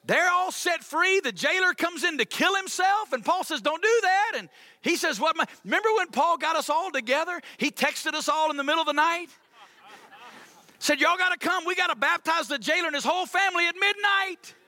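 A man voicing an eager early church member, retelling events in an excited, breathless way. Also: very high-pitched, fairly quick, dry recording, pitched above the performer's own voice, heavily acted.

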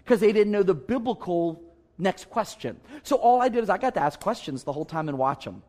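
Earnest male pastor, slightly high voice. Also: lively intonation, fast, a little mellow. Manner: earnest, conversational storytelling with emphatic asides. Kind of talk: sermon storytelling.

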